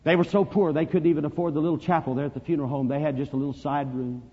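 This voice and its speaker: Husky-voiced preacher in a reverberant church. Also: male voice, fairly high pitch, fairly even intonation, rapid-fire. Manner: dramatic, swings from hushed to loud. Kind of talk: sermon storytelling. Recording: dull lo-fi recording, long reverb.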